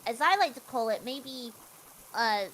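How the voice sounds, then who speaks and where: A woman's voice: on the high side, expressive, unhurried, a bit bright, a little hiss or hum. A woman from the North of England, chatting casually while streaming a game and often laughing. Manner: chatty, laughs often, reads game text aloud in a put-on voice. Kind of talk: casual chat over gameplay.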